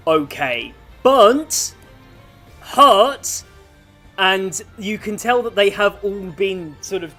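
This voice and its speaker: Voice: medium pitch, fairly bright tone. A game master narrating a tabletop role-playing game over a voice call, describing scenes loosely and laughing often.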